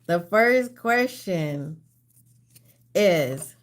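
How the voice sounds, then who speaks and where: A woman hosts a trivia game on a casual live stream, speaking slowly with an unhurried pace. She is out of breath and laughs between lines. She drifts off her phone mic now and then. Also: on the low side, animated, a little hiss or hum. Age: older. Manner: chatty, laughing, reads out questions slowly. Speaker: livestream trivia host.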